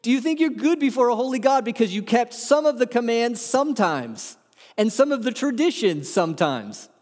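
High-voiced preacher in a reverberant hall. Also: male voice, big pitch swings, normal speed, a little mellow. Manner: earnest preaching, rising to emphatic peaks, rhetorical questions. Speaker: pastor. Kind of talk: sermon.

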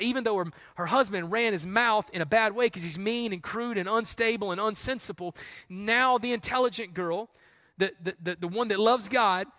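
A man's voice: high voice, pushed and bright, dry recording. A man preaching a sermon in a casual, conversational way, peppered with "like" and "man". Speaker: pastor.

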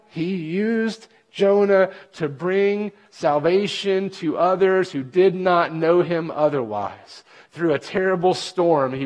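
A man preaching a sermon, reading scripture aloud and explaining it with emphatic bursts and quiet asides. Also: on the high side. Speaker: pastor.

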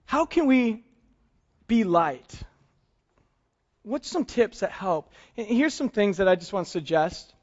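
A middle-aged male pastor with a high voice gives a casual, story-driven sermon, swinging between animated retellings of conversations and quieter, earnest moments. The recording sounds a little muffled. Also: slow pace, pauses often. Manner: animated storytelling, acts out both sides of dialogues, self-deprecating humor. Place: church service.

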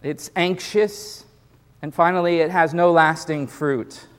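A man's voice: on the high side, fairly even intonation, measured pace, clear, resonant tone. Conversational male pastor preaching in a reverberant hall. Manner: conversational preaching, repeats words, acts out quoted excuses. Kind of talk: sermon.

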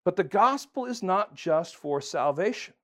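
A man's voice: high-pitched, animated, a little slow, a bit bright. A man preaching a sermon as pastor, earnest and emphatic, talking conversationally with fillers and restarts.

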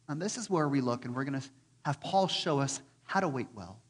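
A man preaching a sermon as pastor, animated and dramatic, acting out quotes with sudden loud bursts. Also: mid-range voice, brisk, husky, big-room sound.

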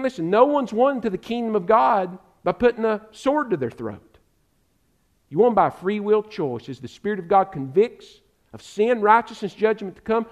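A man preaching a sermon with passion, calling his listeners "friend" and swinging from loud exhortation to hushed pleading. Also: high-pitched. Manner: addresses listeners directly as "friend". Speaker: pastor.

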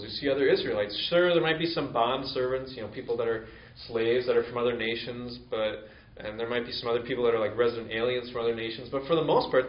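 A man's voice: mid-range voice, distant mic. A man preaching a sermon in a conversational way, full of fillers, acting out quoted excuses. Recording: echoey room, dull lo-fi sound.

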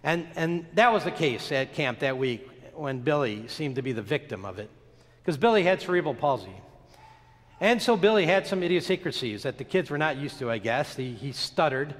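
Male pastor, slightly high voice, very animated storytelling sermon, long hall reverb. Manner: expressive, dramatic storytelling with slow emphatic pauses.

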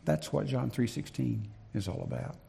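A man preaching a sermon in an emphatic, deliberate way, repeating his key phrases, with a gravelly, husky voice. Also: medium pitch, lively intonation, mellow. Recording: long reverb of a large hall.

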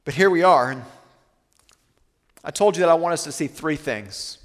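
Male pastor, high voice, earnest sermon delivery, reverberant church hall. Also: lively intonation. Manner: earnest, slows and softens for weighty lines.

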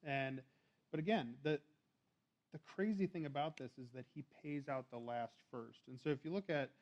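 A man's voice: on the high side, normal speed, darkish tone, muffled recording. A man preaching a sermon in a church, talking casually and reading scripture aloud. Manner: conversational, restarts and fillers, reads scripture aloud.

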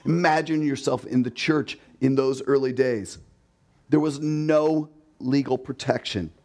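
A man at a mid-range pitch delivers a sermon in a conversational, storytelling manner. He asks his listeners rhetorical questions, repeats key words for emphasis, and briefly acts out the voices of the people he quotes. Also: unhurried, darkish tone. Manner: emphatic repetition. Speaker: pastor.

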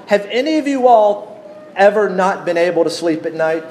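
A man preaching a sermon, teaching at an unhurried pace and putting questions to his congregation. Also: high voice, darkish tone, slight background noise. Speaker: pastor.

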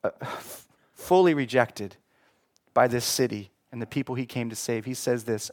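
A man preaching a sermon, swinging between hushed, slow passages and loud, emphatic ones. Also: medium pitch, no room sound, clean studio sound. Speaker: pastor.

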